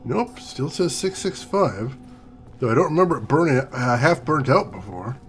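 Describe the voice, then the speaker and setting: Casual male streamer, mid voice, lively musing commentary while playing. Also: medium pitch, normal speed. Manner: musing, chatty, thinking aloud. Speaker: let's play host.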